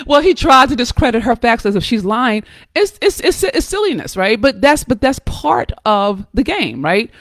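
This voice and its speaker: A woman's voice: fairly high pitch, dry recording, studio quality. A woman from the United States giving motivational advice to other women in a blunt, emphatic way, cursing freely, often restarting words and checking in with "okay?" and "right?". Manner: many restarts and repeated words. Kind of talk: motivational talk to camera.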